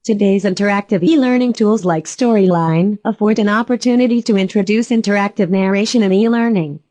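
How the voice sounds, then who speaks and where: A woman with a mellow, warm voice reads a scripted lesson. Her delivery is calm and even, and the recording is dry and close. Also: mid-range voice, a little fast, dry recording. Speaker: narrator. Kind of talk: scripted narration.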